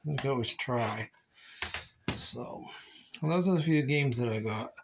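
Man, home vlogger, slow talker, chatty, teasing, rambling, faint insect noise. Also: medium pitch. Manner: chatty, teasing, talks to his dog and to viewers. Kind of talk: casual rambling vlog. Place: home yard and house, partly outdoors.

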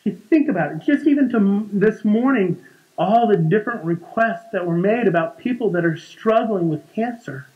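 A man's voice: high-pitched, lively intonation, normal speed, muffled recording. A man in his forties preaching a conversational sermon in a church, often repeating words and restarting sentences. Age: 40s. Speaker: pastor.

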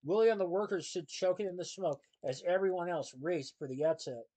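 A man's voice: high-pitched, a little fast, mellow, poor audio. A man reading a children's novel aloud in a plain way, with small slips and self-corrections. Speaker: storybook reader.

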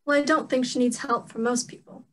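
A young woman playing a formal, emotionless female elf warrior on stage, speaking stiffly and deadpan. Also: a little high, fairly quick, lightly acted, low-quality recording. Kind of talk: stage play acting.

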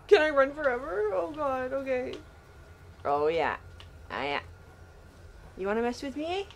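A woman with a high voice that leaps all over the place, reacting to a game she is playing for the first time. She talks at an unhurried pace between bursts of panic and laughter. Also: a little hiss or hum. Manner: excitable, panicky, laughing often. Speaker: gaming channel host. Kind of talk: first-time let's play commentary.

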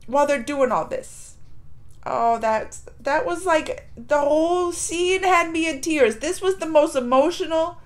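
A woman hosting a reaction video, casually and emotionally retelling scenes in colloquial speech. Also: high-pitched.

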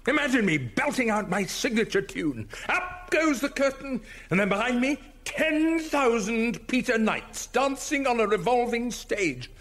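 An actor playing a vain, eccentric museum curator in a radio sitcom, talking in a pompous, theatrical way. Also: male voice, very high voice, big pitch swings, unhurried, few pauses, fairly bright tone, full character voice. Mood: grandiose.

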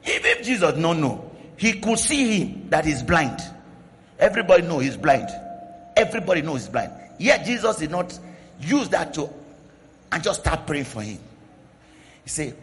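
Pastor preaching, high swooping voice, big hall echo. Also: male voice, sing-song, moderate pace, pauses often, a bit bright, a little hiss or hum. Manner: preaching with rising intensity, pidgin asides. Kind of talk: sermon. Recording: long hall reverb.

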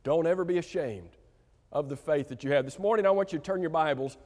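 A man preaching a sermon to a congregation, emphatic and slowing down to stress key words, often asking them direct questions. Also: fairly high pitch, darkish tone. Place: church sanctuary. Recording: reverberant church hall.

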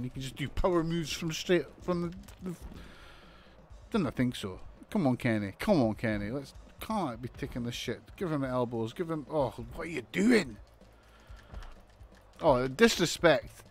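A man commentating on a wrestling video game as he plays, excitable, swearing and shouting in disbelief. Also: mid-range voice, normal speed, slight background noise. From United Kingdom. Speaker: gaming commentator.

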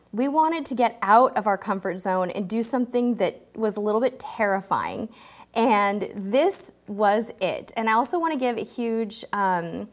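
A woman in her forties, a cruise vlogger, chatting warmly and emotionally to viewers during a live stream, choked up at times. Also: mid-range voice. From California, US. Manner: chatty, gushing, talks straight to viewers in the chat.

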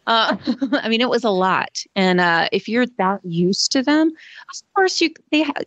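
A woman's voice: a little high, lively intonation, unhurried, fairly bright tone, dry recording, muffled recording. Chatty, hesitant woman co-host. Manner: hesitant, chatty, many fillers. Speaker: podcast co-host. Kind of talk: casual podcast chat.

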